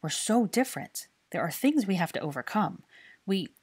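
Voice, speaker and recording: A woman's voice: mid-range voice, big pitch swings, normal speed, a little mellow, breathy edge. A woman voicing an anxious, earnest young man in love, talking in an urgent, pleading way.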